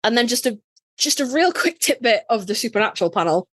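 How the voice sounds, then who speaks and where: Animated British woman telling a story. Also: fairly high pitch, fast, no echo. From United Kingdom. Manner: animated, swears casually, acts out quotes. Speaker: podcast guest. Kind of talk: casual storytelling chat.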